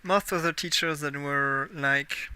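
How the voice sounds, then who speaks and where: A young man streams a game live and talks in English with a heavy French accent. His voice is very bright and sharp, and his speech is clear and crisp. He muses aloud as he plays and often stops to correct himself. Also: on the high side, steady tone, a little slow, dry recording. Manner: musing aloud while playing, self-correcting. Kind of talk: casual live-stream commentary.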